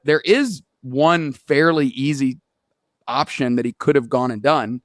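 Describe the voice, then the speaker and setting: A man's voice: a little high, animated, measured pace, fairly bright tone, no room sound, clean studio sound. A man guesting on an interview podcast, an earnest storyteller who acts out quoted dialogue as he makes his points. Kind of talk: conversational interview.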